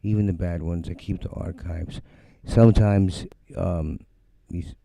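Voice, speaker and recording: Gravelly, blunt middle-aged man. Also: deep voice, unhurried, no room sound. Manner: blunt, profane, animated, mocks others in quoted voices. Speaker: musician livestream host. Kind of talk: casual live-stream rant. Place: home studio.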